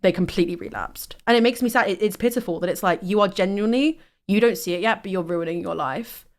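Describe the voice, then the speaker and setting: A woman's voice: mid-range voice, fast talker. A young woman in casual chat, talking with passion and getting heated, swearing freely. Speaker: host.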